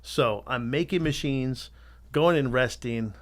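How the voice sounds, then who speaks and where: A middle-aged man, a tattoo artist guesting on a podcast, telling his story in a candid, animated way and swearing freely. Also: mid-range voice, takes it slowly. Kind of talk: casual storytelling interview.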